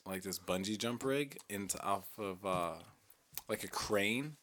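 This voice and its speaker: A young man talks casually among friends, his voice sitting a little low. He rambles through a story with lots of swearing and filler words, loose and unpolished. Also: measured pace, fairly bright tone. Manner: rambling, profane, full of "like" and "bro".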